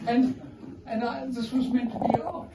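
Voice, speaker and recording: A man's voice: extremely high pitch, measured pace. South African man telling rambling stories. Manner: rambling, self-amused storytelling with frequent digressions. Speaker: author speaking at his book launch. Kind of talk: casual anecdotal speech. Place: indoor event room with guests. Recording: echoey room, distant mic, noisy.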